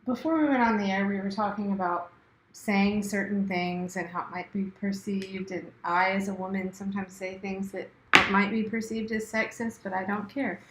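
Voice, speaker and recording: A woman's voice: mid-range voice, fairly even intonation, normal speed. A middle-aged woman co-hosting a casual chat, candid and blunt, laughing often. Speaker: podcast co-host. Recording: echoey room with faint noise.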